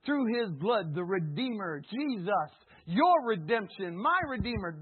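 A man preaching a fervent sermon, rising to shouts and dropping low, calling on his congregation to repeat after him, his throat slightly hoarse. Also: big pitch swings, moderate pace, few pauses, phone-quality sound.

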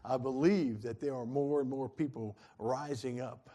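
Folksy preacher, fervent. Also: male voice, mid-range voice, steady tone, moderate pace, mellow. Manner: folksy, earnest preaching with rising fervent peaks. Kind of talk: sermon.

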